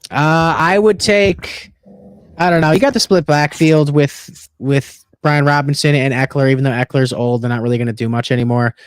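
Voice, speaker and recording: A young man co-hosting a casual football livestream, loose and profane, joking and jumping around in pitch. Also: steady tone, normal speed, clear, resonant tone, dry recording, clean studio sound. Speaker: co-host of a fantasy football stream.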